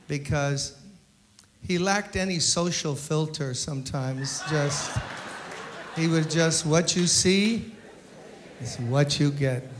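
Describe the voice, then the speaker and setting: A man, a pastor, giving a eulogy at a memorial service as an animated storyteller who acts out the quotes. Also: on the high side, a little hiss or hum.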